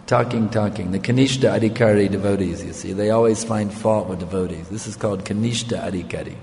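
Gravelly older male preacher in a hall. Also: fairly low pitch, fast, darkish tone, slight background noise. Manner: conversational, checks in with listeners. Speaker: spiritual teacher. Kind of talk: storytelling sermon. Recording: long reverb of a hall.

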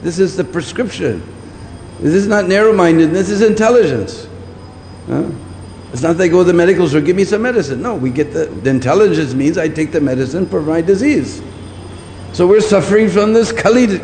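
A man's voice: high voice, animated, fairly quick, darkish tone. A man giving a scriptural lecture, repeating his points and often checking with listeners by asking "hmm?". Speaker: preacher. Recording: long hall reverb, faint background noise.

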